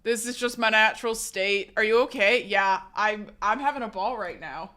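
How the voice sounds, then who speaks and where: A young woman streaming live, chatting casually in a giggly, chaotic way with loud outbursts. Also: medium pitch, normal speed.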